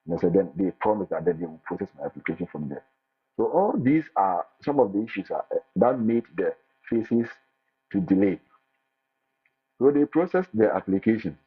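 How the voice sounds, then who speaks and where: A man gives lively, casual advice, often repeating and restarting his words. His voice is low and husky. It comes through a thin, phone-like line with faint music behind it. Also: normal speed. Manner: animated, repeats words and restarts, acts out quotes. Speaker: international teacher sharing his experience.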